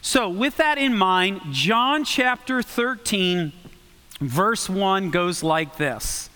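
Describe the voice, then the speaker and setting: A man preaching a sermon in a church, reading scripture and then explaining it in an animated way that speeds up and slows down for emphasis. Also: sits high, smooth, in a large hall. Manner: animated, varies pace for emphasis. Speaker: guest preacher. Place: church sanctuary.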